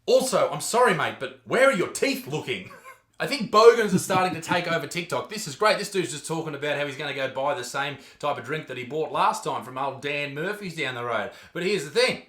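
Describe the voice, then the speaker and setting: A brash Australian man hosts a comedy reaction rant, swearing constantly and getting worked up as he goes. His voice sits a bit high and sounds bright and punchy. It echoes around a hard room with a faint hiss underneath. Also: fairly quick. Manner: crude, swears a lot, loud and excitable. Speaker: comedian host. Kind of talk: ranting comedic reaction commentary.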